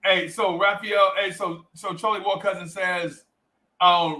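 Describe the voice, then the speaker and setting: A livestream host with a high-sitting voice talks a little slowly over a low-quality recording. He's an animated storyteller who acts out the voices and reads the chat aloud.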